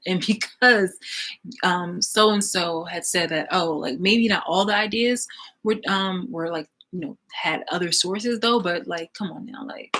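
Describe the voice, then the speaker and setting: Exasperated woman ranting at critics. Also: lowish voice. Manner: exasperated, profane, filler-heavy, swings from loud to muttered. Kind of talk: ranting vlog monologue.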